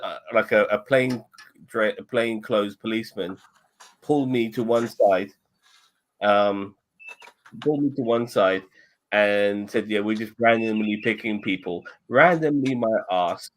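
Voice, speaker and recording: Profane ranting man. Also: on the low side. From United Kingdom. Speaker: podcast host. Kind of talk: casual panel chat.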